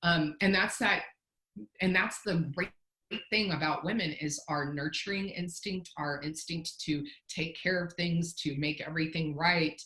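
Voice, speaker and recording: Low-voiced woman telling a candid story in a casual interview, keeps restarting her sentences, bright forceful tone, roomy echo. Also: measured pace. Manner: candid and self-deprecating, with frequent restarts. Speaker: company founder and interview guest.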